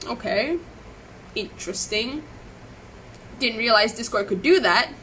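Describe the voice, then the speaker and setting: A woman's voice: on the high side, animated, unhurried, sharp tone, a little hiss or hum, poor audio. An upset, emotional woman recounting events on a live stream, rambling and restarting her sentences. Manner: rambling, repeats and restarts herself. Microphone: webcam or phone on a live stream.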